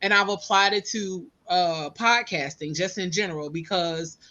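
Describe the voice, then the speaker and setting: A woman with a Southern US accent, hosting a podcast and telling stories in a casual, animated way with laughter. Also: fairly low pitch, moderate pace, muffled recording. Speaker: podcast host.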